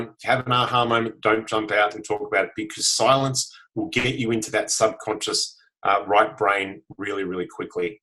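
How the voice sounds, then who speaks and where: A man's voice: fairly low pitch, bright, forceful tone, poor audio. Earnest man in his forties. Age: 40s. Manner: earnest, frank, frequent "right?" tags. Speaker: guest self-help speaker. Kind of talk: motivational talk.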